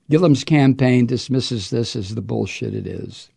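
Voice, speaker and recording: Gravelly, profane political commentator man. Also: medium pitch, warm tone. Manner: profane, sarcastic, indignant. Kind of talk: angry political monologue.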